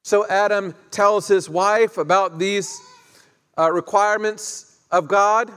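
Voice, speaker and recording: Slow and steady in tone, this man's high voice is clean and a bit bright. He delivers a conversational sermon, asking the congregation questions while retelling the story, in a hall with long, echoing reverb.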